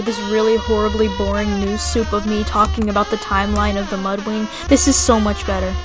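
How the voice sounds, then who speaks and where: A woman giving playful, excitable let's-play commentary as she plays, often breaking into shrieks and giggles. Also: fairly high pitch, low-quality recording. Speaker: gaming YouTuber.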